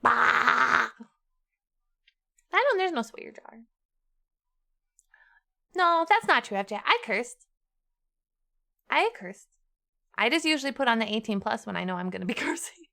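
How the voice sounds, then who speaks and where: A woman streamer chatting casually with her chat, dramatic and quick to swear. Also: a little high, very animated, gravelly, bright, forceful tone.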